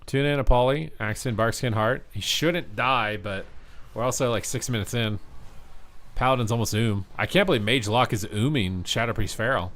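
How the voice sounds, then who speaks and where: Male streamer-commentator, worn out, fast game calls, casual chat. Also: medium pitch. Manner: quick play-by-play, rising excitement on big plays. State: tired, yawning.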